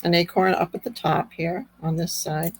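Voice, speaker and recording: A woman with a slightly squeaky voice, chatting through a card-making tutorial step by step. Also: fairly even intonation, a little hiss or hum, rough recording. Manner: unhurried, chatty step-by-step explaining. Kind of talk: craft tutorial narration.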